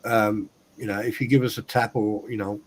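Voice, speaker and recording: Man, husky voice, crude joking banter, livestream co-host. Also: fairly low pitch, steady tone, moderate pace. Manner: crude joking, frequent laughter. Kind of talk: casual banter.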